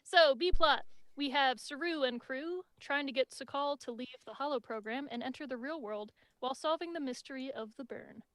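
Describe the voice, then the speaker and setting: A woman hosting a casual review chat over a home video call, excitable and chatty, with many fillers. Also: high-pitched, normal speed, no echo. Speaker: podcast host.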